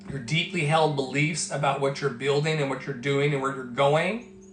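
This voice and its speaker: A man with a medium-pitched voice speaks at normal speed, giving an emphatic motivational talk as a life coach. Like a preacher, he repeats his phrases, and the room is echoey with faint music.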